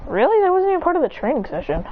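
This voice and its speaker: A woman's voice: sits high, sing-song, rapid-fire, phone-quality sound, noisy background, pitched above the performer's own voice. A woman voicing a cocky, overpowered young male fighter who talks in a teasing, offhand way.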